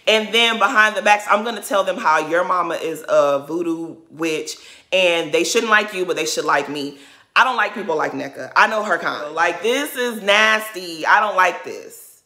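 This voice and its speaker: A woman delivers an indignant reality-show recap. Her voice is bright and forceful, and she hammers her points through repeated rhetorical phrases. The room around her is echoey. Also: medium pitch. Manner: indignant, emphatic, repetitive rhetorical build-ups. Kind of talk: opinionated recap commentary.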